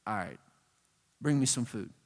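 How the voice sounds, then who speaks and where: A man putting on God's deep commanding voice. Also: lively intonation, moderate pace, darkish tone, natural voice. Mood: booming. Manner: stern big voice. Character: God, male, deep and commanding. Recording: long reverb of a hall.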